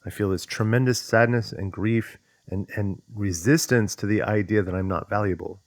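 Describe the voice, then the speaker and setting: A man's voice: lowish voice, moderate pace, no room sound, studio quality. A man speaking in a thoughtful, conversational way as he teaches self-development, working through questions aloud. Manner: acts out inner voices in quotes. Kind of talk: reflective explanatory monologue.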